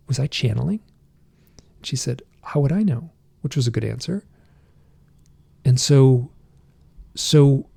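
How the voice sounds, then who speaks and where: A middle-aged man with a gravelly, creaky voice tells a personal story as a podcast guest. He talks in halting restarts and breaks into intense, emotional outbursts when he quotes himself. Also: mid-range voice, dark tone. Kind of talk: recounting a personal experience.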